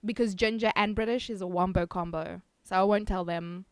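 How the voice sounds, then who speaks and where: A woman's voice: mid-range voice, fairly even intonation, a little fast, clean tone, no room sound. A South African woman streamer chatting casually with her viewers, giggly and self-teasing. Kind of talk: casual chat reading viewer messages.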